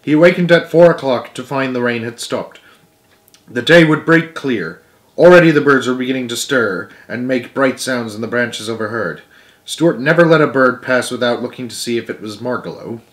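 A man reading a children's book aloud as storyteller, gentle, with small slips and self-corrections. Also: medium pitch, moderate pace.

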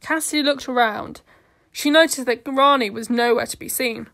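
A woman narrating a fan-made audio story in a steady, earnest reading. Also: high voice, moderate pace.

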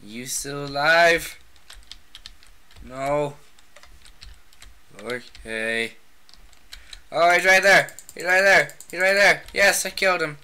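A gamer talks through a shooter match in a casual, excitable way, taunting opponents and breaking into shouted outbursts. The voice is very sharp and bright. The talk runs slowly between bursts. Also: medium pitch, clear, resonant tone. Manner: excitable, trash-talking, frequent shouted outbursts. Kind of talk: casual gameplay commentary.

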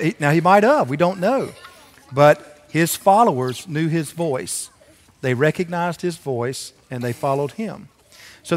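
A chatty pastor talks with children during a church service and keeps asking them questions. His voice sits somewhat high for a man. A long reverb from the sanctuary trails behind every word. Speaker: pastor leading a children's moment. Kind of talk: children's sermon and prayer.

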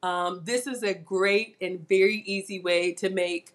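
A woman's voice: medium pitch, steady tone, a little slow. A middle-aged woman hosting a live cooking stream, chatting casually with viewers and a guest and laughing often.

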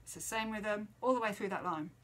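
A woman's voice: mid-range voice, brisk, a bit bright. A woman teaching children a trumpet lesson from home, explaining a tune and counting and singing the rhythms aloud.

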